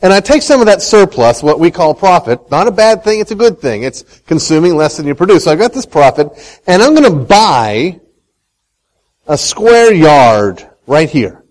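Animated man giving a lively talk. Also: fairly high pitch, moderate pace, poor audio. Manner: animated, asks the audience questions, tells a folksy story. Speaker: speaker on Christian economics. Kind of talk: lively talk to a live audience.

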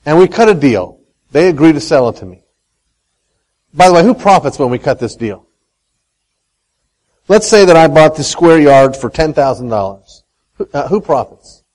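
A man speaks to a live audience in a bright, lively way, with a higher voice that swoops up and down. He keeps turning questions back on his listeners and tells a homespun story. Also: moderate pace, pauses often, poor audio. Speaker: speaker on Christian economics.

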